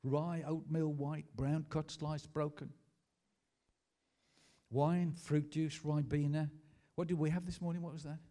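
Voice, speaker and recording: A man preaching a sermon to a congregation in a school hall. His voice is mellow and dark-toned, pitched a little high, and he swings from slow, hushed reading to emphatic declarations, pausing for the room to answer back. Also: little pitch movement. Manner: emphatic preaching with call-and-response. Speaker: pastor.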